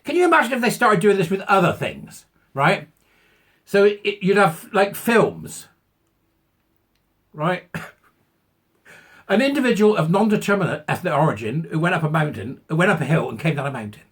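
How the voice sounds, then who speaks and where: Husky, sneering English man. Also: high voice, big pitch swings, normal speed, long pauses, a bit bright. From England. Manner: mocking, sarcastic, laughs at own jokes. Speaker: online commentator. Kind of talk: ranting commentary.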